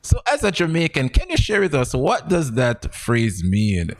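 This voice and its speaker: A man's voice: mid-range voice, huge pitch swings, moderate pace. A man from Saint Kitts co-hosting a morning talk show, agreeable and often repeating his assent. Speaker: co-host.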